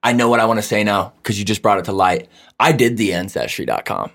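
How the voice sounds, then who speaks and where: A man's voice: fairly low pitch, fast talker, a bit bright. A young man chatting on a podcast, loose and profane. He tells stories in a joking way. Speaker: podcast co-host. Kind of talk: casual chat.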